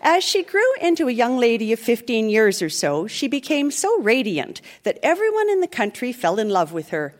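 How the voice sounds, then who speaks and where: High, animated woman reading a story. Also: moderate pace, few pauses. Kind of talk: reading a comic story aloud.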